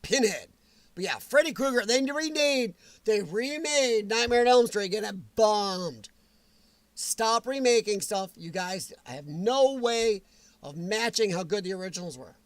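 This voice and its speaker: A man hosting a casual livestream, answering viewers' comments in a chatty, animated way with frequent chuckles. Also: high voice, a little slow, dry recording. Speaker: livestream host.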